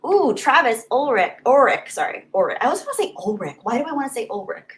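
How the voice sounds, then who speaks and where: A woman's voice: high voice, sing-song, fast, low-quality recording. A young woman chatting casually on a live stream, reading out viewer donations with frequent laughs and off-the-cuff asides.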